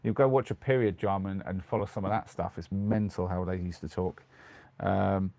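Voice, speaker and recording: Chatting on a live stream from a small converted van at night, a middle-aged British man reads comments and rambles, often saying um and restarting. His voice sits low and is creaky and a little mellow, with fairly even intonation at a moderate pace.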